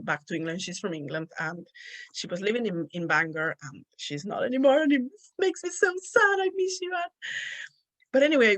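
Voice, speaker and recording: A woman's voice: mid-range voice, a bit bright, low-quality recording. A woman with a Spanish accent, a native Spanish speaker, hosting a solo podcast and chatting casually with frequent laughter. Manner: chatty, laughs often while telling stories. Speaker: podcast host.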